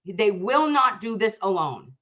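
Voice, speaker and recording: A woman hosts a livestream with fervent, emphatic commentary. She repeats her points for emphasis and addresses her viewers directly. Her voice sits at a middling pitch for a woman. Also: sing-song, measured pace, fairly bright tone.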